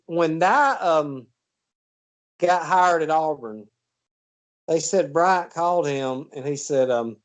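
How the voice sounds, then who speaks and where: A man's voice: fairly high pitch, takes it slowly, pauses often. A man hosting a casual football chat, telling long stories full of fillers and restarts. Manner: rambling storyteller with many fillers. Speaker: podcast host.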